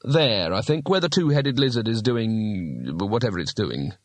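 A man's voice: lowish voice, very animated, a little slow, no echo. A male reader voicing a nervous, bumbling wizard in a storybook, speaking hurriedly and doubtfully. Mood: fretful.

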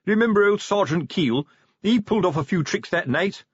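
A man's voice: high voice, lively intonation, normal speed, breathy edge, no echo, voice pushed up. A man voicing an anxious, falsely cheerful veteran police sergeant who keeps hoping for reassurance. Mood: pleading. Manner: hopeful, wheedling. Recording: dull dry audiobook recording.

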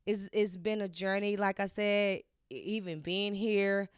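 Smooth-voiced young woman podcast host. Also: medium pitch, fairly even intonation, a little slow, no room sound, studio quality. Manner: heartfelt, chatty, many fillers and restarts. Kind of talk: casual solo podcast chat.

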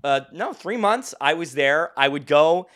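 A young podcast co-host with a bright, ringing voice and a slightly high pitch, telling a long story in loose, casual chat. He laughs often and keeps starting his sentences over. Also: animated, a little slow. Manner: rambling, laughs often, many restarts.

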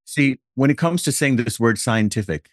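A man hosting a podcast, talking deliberately and building ideas through playful hypothetical examples. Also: medium pitch, animated, no room sound, studio quality. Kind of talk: conversational podcast chat.

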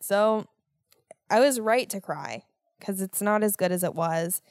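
A young American woman hosts a podcast, telling a story casually and with animation, full of swearing and exasperated ranting. Her medium-pitched voice moves at a measured pace, and the recording is studio quality with no echo.

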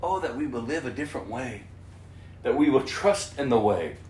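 A pastor preaching an impassioned, emphatic sermon, dropping to a hush and then rising to loud. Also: male voice, medium pitch, expressive, moderate pace, echoey room, recorded from a distance, a little hiss or hum.

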